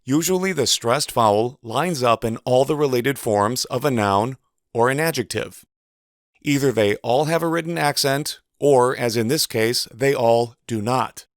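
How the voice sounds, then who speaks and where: Man narrating a measured, dry lesson. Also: mid-range voice, no echo. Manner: measured, precise explanation. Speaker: teacher. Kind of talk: scripted instructional narration.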